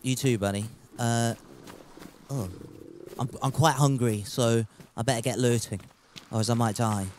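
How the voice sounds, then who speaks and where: A man's voice: mid-range voice, steady tone, normal speed, pauses often, a little mellow, slight background noise. A man casually commentating his gameplay, rambling and joking as he chats with viewers. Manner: rambling, jokey, chatty with viewers. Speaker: game streamer.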